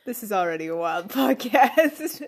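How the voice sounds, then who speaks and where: A woman co-hosting a coffee podcast in casual chat, halting and giggly as she loses her words. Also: mid-range voice, very animated, husky. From Irish. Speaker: podcast co-host.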